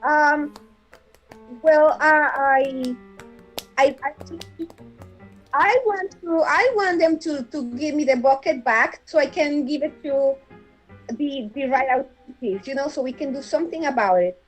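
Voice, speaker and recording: A woman's voice: high-pitched, measured pace, faint music behind, low-quality recording. A woman playing a tabletop game, arguing her moves earnestly and stumbling over her words. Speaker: player.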